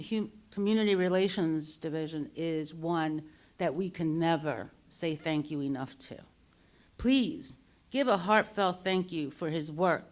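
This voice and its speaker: Woman organizer, low voice, earnest formal tribute, slight stumbles. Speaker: event organizer. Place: forum hall at a college.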